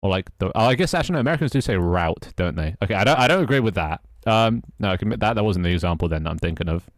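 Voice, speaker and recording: British guy on a live stream, low voice, dry close sound, mutters n swears at his code and chats w/ viewers. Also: expressive, rapid-fire, no echo. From Britain. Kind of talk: casual live-stream chat while coding.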